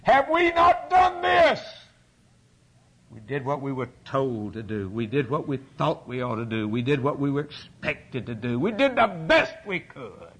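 A man's voice: lively intonation, normal speed, few pauses, a little hiss or hum. Fervent preacher man delivering a sermon. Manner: fervent, swings from shouted peaks to low hushed lines.

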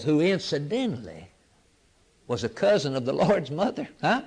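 A man preaching a sermon in a rhythmic, repetitive cadence, swinging between near-shouts and hushed whispers. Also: mid-range voice, big pitch swings, a little fast, husky. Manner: impassioned, rising to near-shouts and dropping to whispers.

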